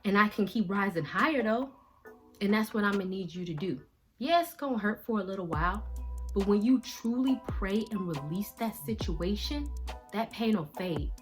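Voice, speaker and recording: Woman vlogger preaching faith-based pep talk, emphatic, slangy, soft then loud, faint music under it. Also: medium pitch, lively intonation, moderate pace. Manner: casual slangy phrasing. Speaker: vlogger giving life advice.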